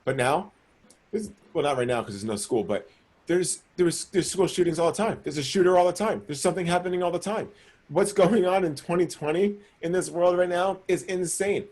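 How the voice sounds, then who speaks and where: Animated swearing young man co-host. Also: high-pitched, fairly quick. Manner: animated, swearing, acts out quoted voices. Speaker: podcast co-host. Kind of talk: casual chat.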